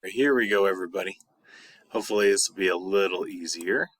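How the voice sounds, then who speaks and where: A man teaching a recorded video lesson as a high school Spanish teacher, patient and repeating words slowly. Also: a bit bright, no room sound.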